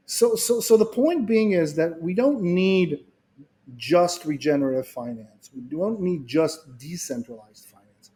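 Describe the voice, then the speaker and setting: A man's voice: a little high, normal speed. A middle-aged man explaining his ideas in conversation, telling stories with acted-out quotes and frequent restarts. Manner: animated storyteller, acts out quoted voices, repeats words when restarting. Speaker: guest speaker.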